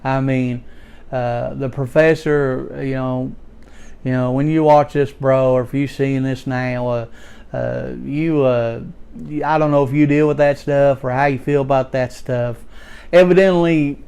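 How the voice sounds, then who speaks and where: A man's voice: medium pitch, fairly even intonation, measured pace, gravelly, darkish tone, smooth. A man, playing a folksy redneck working man in a rambling comedic monologue, stammering as he tells his story.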